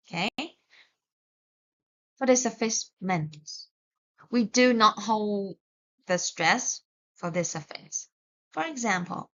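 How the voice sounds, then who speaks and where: A woman's voice: mid-range voice, a bit bright. A woman teaching English pronunciation in a recorded video lesson, saying example words one at a time and explaining plainly, with small restarts. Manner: slow, deliberate, modelling words one by one. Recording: dull lo-fi recording.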